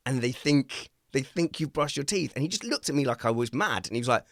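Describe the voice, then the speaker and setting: A man hosting a casual chat, rambling through animated anecdotes and poking fun at himself. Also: medium pitch, fast talker, few pauses, dry recording, studio quality. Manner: rambling, animated storyteller who acts out quotes; self-mocking, laughs at his own stories. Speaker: host.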